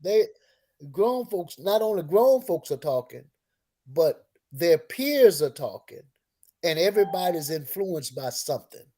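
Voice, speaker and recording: A man's voice: a little high, big pitch swings, measured pace, mellow. A man co-hosting a call-in radio talk show, preaching in lists that build with rising force. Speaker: radio co-host.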